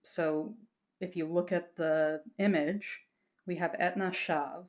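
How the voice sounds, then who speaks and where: A woman's voice: fairly low pitch, steady tone, takes it slowly, darkish tone. A woman teaching a lesson patiently, explaining step by step and reassuring her students, breaking into short chanted examples.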